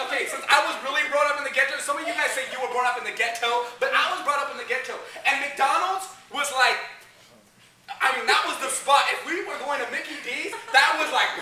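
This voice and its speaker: A youth preacher delivers a lively sermon, acting out voices in his stories and shouting at the high points. His high, very bright voice is fairly quick and heard from a distance, with heavy echo from a large hall.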